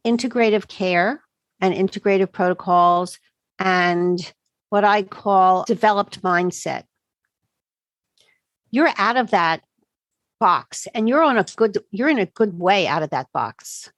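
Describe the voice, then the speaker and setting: A woman, a doctor answering podcast interview questions with emphatic, animated explanations. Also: medium pitch, slow, long pauses, no room sound. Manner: emphatic, animated storytelling with quoted asides. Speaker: integrative medicine doctor, podcast guest.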